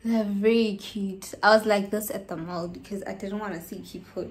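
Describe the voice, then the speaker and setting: A woman from South Africa filming a casual haul vlog at home, tired and short of breath, chatty and excitable, sometimes dropping to a whisper. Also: mid-range voice, moderate pace, few pauses, slight background noise. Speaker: vlogger.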